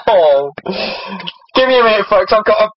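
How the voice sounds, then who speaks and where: Husky, ranting comedic co-host. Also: mid-range voice, steady tone, racing, highs cut off. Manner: exasperated, ranting, swearing. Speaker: co-host reading stories. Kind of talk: comedic casual chat with swearing.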